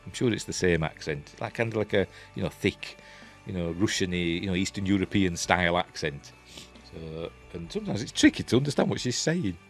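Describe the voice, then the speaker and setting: Deep-voiced Yorkshire man rambling chattily. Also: very animated, brisk, gravelly, hardly any pauses, soft background music. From Yorkshire, England. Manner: rambling, chatty, many fillers and restarts. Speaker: TV episode reviewer. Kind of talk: casual spoken review.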